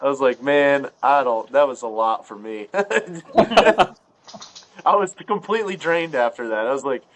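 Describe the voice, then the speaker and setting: A man from Ohio telling a hunting story on a podcast in a loose, animated, laughing way, full of swearing and fillers. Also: medium pitch, measured pace, slight background noise. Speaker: podcast guest. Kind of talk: casual storytelling.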